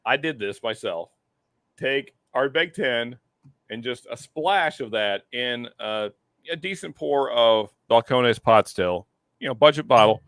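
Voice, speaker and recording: A man's voice: mid-range voice, animated, a little slow, fairly bright tone, no room sound. A man hosting a casual whiskey live stream, easygoing, often repeating words as he starts a sentence. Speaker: whiskey show host. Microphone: close desk microphone.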